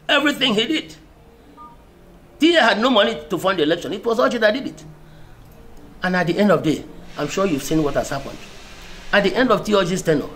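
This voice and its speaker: A man's voice: high-pitched, a bit bright, slight background noise. A middle-aged man with a Nigerian accent giving an emphatic, insistent political speech to camera, often restarting and repeating words. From Abia State, Nigeria. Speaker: senior lawyer and political speaker.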